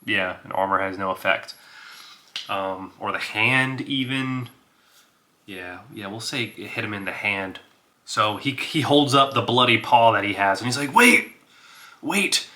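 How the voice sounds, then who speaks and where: A man's voice: lowish voice, measured pace, bright, forceful tone. A man casually narrating his solo tabletop role-playing game, thinking aloud with filler words and small chuckles.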